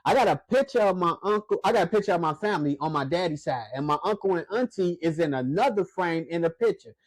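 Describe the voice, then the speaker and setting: High-voiced man telling stories. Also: fast talker, dry recording. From Chicago. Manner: animated storyteller, acts out quotes. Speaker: podcast co-host. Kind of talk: casual chat.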